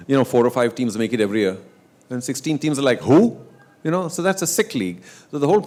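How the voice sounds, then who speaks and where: Man, middle-aged, lively storyteller, acts out quotes, relaxed conversation. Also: medium pitch. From India. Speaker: guest speaker on sports leagues. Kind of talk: casual conversational talk.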